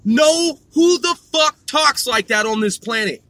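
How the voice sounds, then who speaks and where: A man's voice: extremely high pitch, animated, measured pace, pushed and bright, no echo. A middle-aged man ranting in an exasperated, profane way, repeating himself and swearing constantly. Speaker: vlogger. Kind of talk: ranting monologue.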